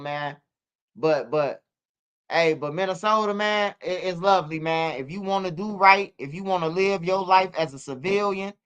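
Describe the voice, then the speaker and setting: A man's voice: sits high, fairly bright tone, smooth. A man hosting a casual livestream, emphatic, repeating himself and swearing freely. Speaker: streamer and channel host.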